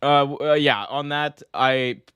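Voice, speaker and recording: A man hosting a casual podcast, ranting and joking in an animated way. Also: medium pitch, measured pace, clean tone, dry recording, clean studio sound. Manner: animated, joking rants with mock voices. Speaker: podcast host. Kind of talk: casual chat.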